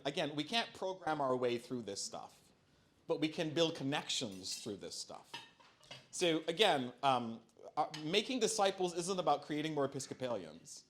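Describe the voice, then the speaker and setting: Conversational bishop, man, lightly pitched. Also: animated, normal speed, a bit bright. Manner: conversational, self-deprecating jokes, frequent ums. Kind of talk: church forum Q&A answer. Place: church hall.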